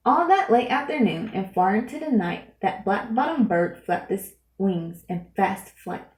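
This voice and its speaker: A woman reading a rhyming children's book aloud in a lively, sing-song way. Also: medium pitch. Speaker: storyteller. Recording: roomy echo.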